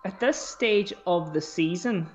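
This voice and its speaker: A man's voice: high-pitched, a little slow, a little hiss or hum. A man co-hosting a casual podcast chat, swearing freely as he talks through his squad choices aloud. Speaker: podcast co-host. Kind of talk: casual fantasy football chat.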